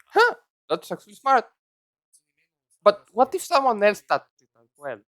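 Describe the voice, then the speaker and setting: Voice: mid-range voice, huge pitch swings, a little slow, a bit bright, no echo. A host riffing in casual, joking chat while reacting to an anime episode, now and then slipping into mock voices.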